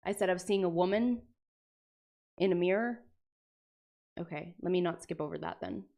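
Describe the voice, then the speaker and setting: A woman's voice: lowish voice, normal speed, gravelly, mellow. A young adult woman chatting casually on a livestream, reading aloud and reacting with jokey, sweary asides. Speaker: streamer.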